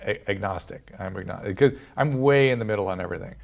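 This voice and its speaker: A man's voice: lowish voice, fast talker, creaky, darkish tone. A man speaking as a guest in a talk show interview, emotional and hesitant, often stammering and restarting.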